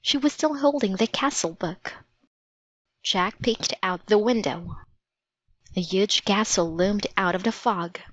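A woman reading a children's storybook aloud in a gentle, measured way. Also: medium pitch, no echo. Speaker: narrator. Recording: dry, slightly dull audiobook recording.

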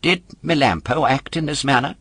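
A wooden puppet boy from a children's storybook, earnest and quick to stammer when flustered, voiced by a male reader. His voice sits well above a grown man's, with a husky, dry edge. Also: medium pitch, a bit bright, no echo, pitched above the performer's own voice.

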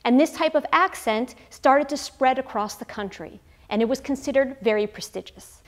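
A woman linguist giving a clear, measured educational explanation. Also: sits high.

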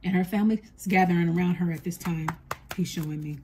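A woman psychic medium giving a spoken reading to her viewers, talking softly and earnestly as she relays what a spirit tells her. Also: fairly low pitch, brisk, noisy background.

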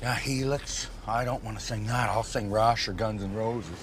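A man's voice: lowish voice, fairly even intonation, moderate pace, background noise, lightly acted. An actor playing an earnest, fussy trailer park man who is eager to explain himself. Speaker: karaoke singer.

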